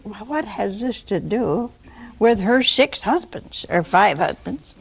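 An older woman giving a sermon, telling the story in a lively way, acting out voices and asking her listeners questions. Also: mid-range voice, slow pace, vocal fry, breathy edge. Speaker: preacher.

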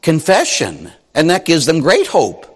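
A man's voice: on the high side, huge pitch swings, measured pace, breathy edge, big-room sound. A man preaching as a Catholic priest, telling stories animatedly and acting out the voices of the people he quotes. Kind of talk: sermon.

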